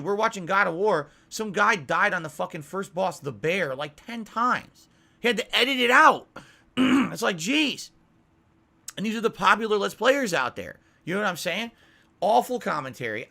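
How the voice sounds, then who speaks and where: Exasperated ranting man, fairly high voice. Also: vocal fry, sharp tone. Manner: exasperated, repetitive, swearing. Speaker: YouTuber. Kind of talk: ranting monologue.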